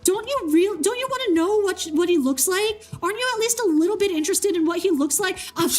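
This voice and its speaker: A woman's voice: very high-pitched, lively intonation, fairly quick, faint music behind, voice pushed up. A woman voicing a pair of jealous sisters who keep needling their younger sibling. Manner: prodding, insistent.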